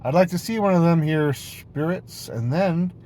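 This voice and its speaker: A man's voice: fairly high pitch, moderate pace, mellow, slight background noise. A man rambling playfully in a casual monologue video, jumping between topics and swearing freely. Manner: playful, silly tone. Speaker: vlogger.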